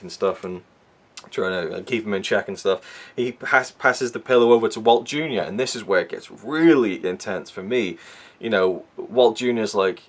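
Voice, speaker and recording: A man talking through a TV episode in a casual spoken review, animated and tripping over repeated words as he restarts his sentences. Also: lowish voice.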